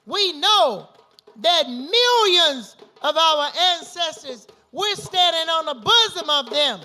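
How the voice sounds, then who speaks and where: A woman's voice: very high-pitched, sing-song, slow pace, bright, forceful tone. A woman leading a libation ceremony, chanting invocations and repeated call-and-response refrains. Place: gathering at an institution.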